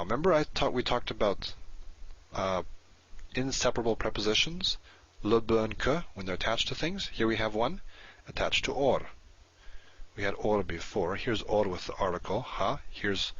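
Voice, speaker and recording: A man teaching a recorded lesson, patient and explanatory, slowing down to spell out each word. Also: on the low side, fairly bright tone, husky. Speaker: Hebrew teacher. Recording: dull lo-fi recording.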